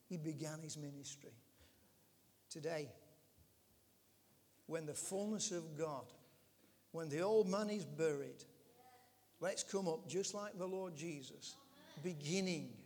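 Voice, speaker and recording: A man's voice: on the high side, long reverb tail. A male pastor preaching a sermon in a church, emphatic and calling out to the congregation.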